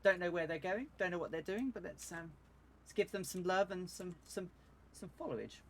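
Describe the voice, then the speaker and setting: Man, fairly high voice, rueful and chatty, live game streamer. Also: moderate pace. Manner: rueful, chatty, laughs at his own mishaps. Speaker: flight sim streamer.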